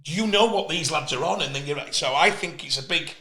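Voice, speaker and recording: Middle-aged host, passionate storyteller, bright tone, roomy sound. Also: male voice, a little high, fast, a little hiss or hum. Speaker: host, player agent. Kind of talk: casual interview chat. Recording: echoey room.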